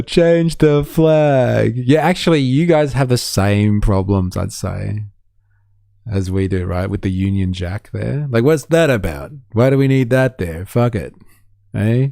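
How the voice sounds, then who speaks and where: A man's voice: fairly low pitch, animated, unhurried, creaky, darkish tone, no echo, clean studio sound. A man with an Australian accent giving sardonic, swearing live-stream commentary and reading out chat comments.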